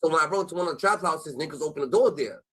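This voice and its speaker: A man telling a rowdy street story in casual chat, heavy with slang and cursing, jumping in pitch whenever he acts out other people. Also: very fast, rough recording. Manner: animated storytelling, acting out quoted voices with jumps in pitch. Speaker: host.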